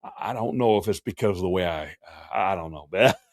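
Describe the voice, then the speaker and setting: With a deep voice and a brisk pace, a man who works as a professional Santa chats folksily through a casual livestream Q&A, often using fillers and starting over. The sound is clean studio audio with no echo.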